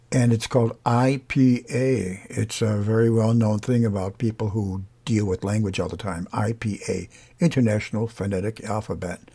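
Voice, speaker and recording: Slow, gravelly male singing teacher. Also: on the low side, dark tone. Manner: unhurried, pausing often, demonstrating sounds. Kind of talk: slow explanatory lesson on vowels.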